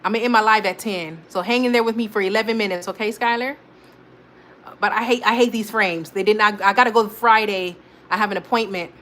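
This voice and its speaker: Woman, livestream host, casual and animated, mid pitch, faint background noise. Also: fairly quick. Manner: animated, talks to chat moderators by name, scolding trolls.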